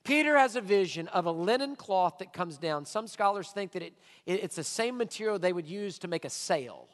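A male pastor preaching a sermon with emphatic delivery, swinging from quiet asides to loud, shouted points. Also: high-pitched, animated, moderate pace, in a large hall.

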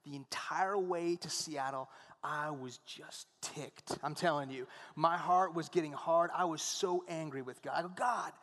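A man preaching a sermon, telling stories and acting out the dialogue in an animated way. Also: fairly high pitch, unhurried, in a large hall. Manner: animated storytelling, acts out dialogue.

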